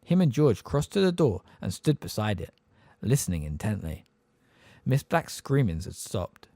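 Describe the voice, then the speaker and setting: A man narrating an audiobook with an expressive, varied reading. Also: fairly low pitch, normal speed, dry recording.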